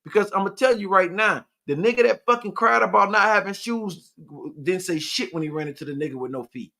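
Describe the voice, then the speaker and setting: A podcast host man talking in a casual, profane and preachy way, with sudden loud outbursts. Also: sits high, fairly quick, gravelly. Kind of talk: casual live podcast chat.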